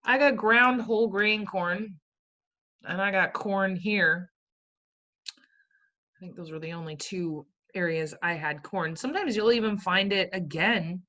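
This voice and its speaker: A woman's voice: medium pitch, measured pace, bright, forceful tone. A woman teaching a class in a playful way, firing questions at her students and tossing in jokey asides. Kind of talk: classroom lecture.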